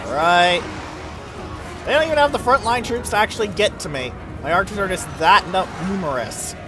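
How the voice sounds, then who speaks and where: A man giving casual, excitable commentary over his own gameplay, swearing freely and breaking into silly sing-song chants. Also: high-pitched, moderate pace. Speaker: video game let's play host. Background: game music.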